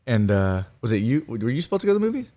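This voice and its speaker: A man's voice: medium pitch, big pitch swings, rapid-fire, dark tone. A man co-hosting a podcast, telling rambling stories with many fillers and laughs. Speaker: podcast co-host. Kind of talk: casual storytelling chat.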